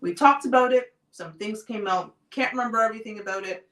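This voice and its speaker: Calm woman host telling a story. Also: fairly high pitch. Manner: calm, deliberate personal storytelling. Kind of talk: live talk show monologue. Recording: roomy sound, off-mic distance.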